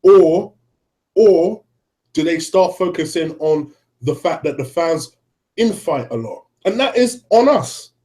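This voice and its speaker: Guy making his point about football, says "listen" a lot, pitch jumps around, mellow tone. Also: lively intonation, slow pace. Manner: earnest, interjects with "listen", laughs easily. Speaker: co-host. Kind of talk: casual football debate.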